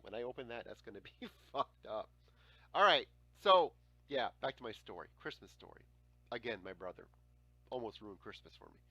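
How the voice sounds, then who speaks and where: A man in his forties hosting a casual livestream chat, telling stories in an animated way, with frequent swearing and laughter. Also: mid-range voice, dry recording, muffled recording. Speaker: livestream host.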